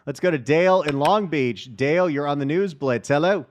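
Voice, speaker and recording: Middle-aged guy hosting call-in radio, chatty and upbeat, voice sits a bit high. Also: normal speed, slight background noise. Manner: upbeat, chatty, reads the phone number often. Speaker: radio talk show host. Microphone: studio microphone.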